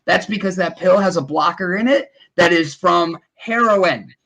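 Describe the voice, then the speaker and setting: A middle-aged man chatting casually as a podcast guest, animated and prone to acting out quotes in voices. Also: high voice, unhurried, gravelly, rough recording. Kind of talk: casual chat.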